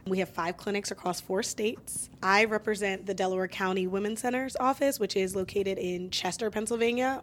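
A woman guest in a casual interview, mid-pitched and informative. She explains her work in long, upbeat runs of speech. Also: a little hiss or hum. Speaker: guest from independent abortion clinics. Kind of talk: conversational interview.

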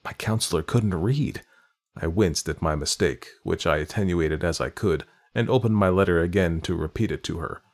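A man narrating a classic novel in a measured, literary reading style. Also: low voice. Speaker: audiobook narrator.

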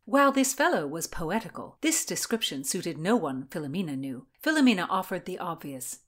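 A woman narrating a historical story in an even, measured way and explaining its background as a co-host. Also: fairly low pitch.

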